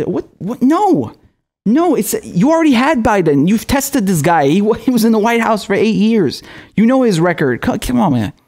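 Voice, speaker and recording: High-voiced man ranting with exasperation. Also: darkish tone. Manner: profane, exasperated, sarcastic. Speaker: political commentator. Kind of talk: angry ranting commentary.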